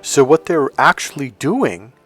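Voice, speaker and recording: A man's voice: fairly high pitch, expressive, unhurried, a bit bright, breathy edge, soft background music. A middle-aged man from California, a relationship coach, telling his own stories to camera in a candid, profane way. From California, USA. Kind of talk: casual storytelling to camera.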